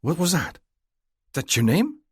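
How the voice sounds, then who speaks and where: A man voicing a stranded young woman in an audiobook, lifting his voice high for her. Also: huge pitch swings, slow, husky, no echo, studio quality, heavily acted. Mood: startled. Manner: raised falsetto-like pitch for a woman. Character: stranded young human woman, eager and bewildered. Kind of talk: audiobook character voice.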